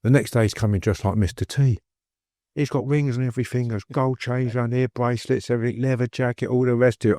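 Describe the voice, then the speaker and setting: A man's voice: mid-range voice, steady tone, quick pace, warm tone, no echo, clean studio sound. A middle-aged man, a guest recounting stories in a rambling, anecdotal way. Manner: rambling, anecdotal, laughs while telling stories. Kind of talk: casual storytelling interview.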